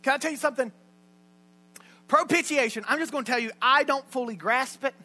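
A man preaching a sermon in a church, folksy and joking, shifting between loud and hushed lines. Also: very high voice, a little fast. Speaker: pastor. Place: church sanctuary.

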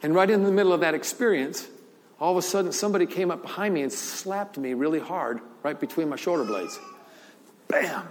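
A man's voice: on the high side, brisk, a little hiss or hum. Older guy preaching, laughing a lot as he tells his story, long hall echo. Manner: lively storyteller, laughs often, repeats words. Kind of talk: sermon with storytelling. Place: large church hall.

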